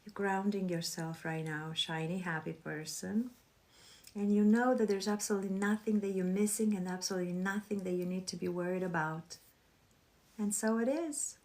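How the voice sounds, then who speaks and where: A woman hosting a casual spiritual livestream, gushing and chatting warmly with her viewers. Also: mid-range voice, fairly even intonation, moderate pace. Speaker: livestream host.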